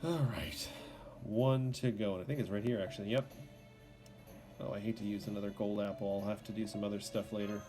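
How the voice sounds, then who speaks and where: A man's voice: on the low side, steady tone, fairly quick, music in the background. A man streaming live gameplay who chats casually, with fillers and self-corrections.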